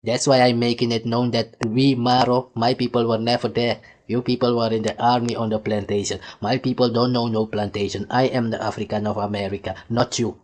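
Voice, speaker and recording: A man's voice: medium pitch, flat delivery, fairly quick, hardly any pauses, a little mellow. A man giving ranting video commentary on a clip, mocking and scornful, laughing between his jabs.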